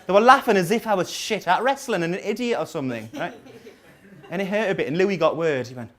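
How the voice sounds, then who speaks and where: Geordie man, high-pitched voice, stand-up comic, rambling self-deprecating storytelling, small live venue. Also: lively intonation, fast talker, a bit bright. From North East England. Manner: rambling self-mocking storytelling with dry asides. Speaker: stand-up comedian. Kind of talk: stand-up comedy set. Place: small coffee house venue with a live audience.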